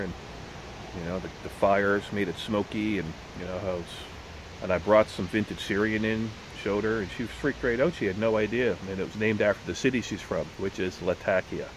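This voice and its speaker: A man with a very low, deep voice rambles through a casual vlog, restarting sentences and dropping curses as he goes. Faint road noise hums behind him. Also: fairly quick. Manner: rambling, profane, self-correcting. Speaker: pipe tobacco vlogger.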